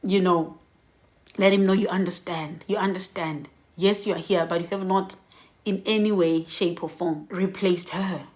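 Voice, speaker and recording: A middle-aged woman giving candid, reflective personal advice in a vlog, laughing softly between points. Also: fairly low pitch, fairly even intonation, normal speed. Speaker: vlogger.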